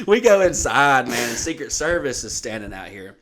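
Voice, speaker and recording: A comedian with a drawl tells a rowdy story in casual podcast chat. He curses constantly and jumps into the voices of the people he meets. His pitch sits in the middle range for a man. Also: quick pace, few pauses. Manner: profane, animated, acts out quoted voices.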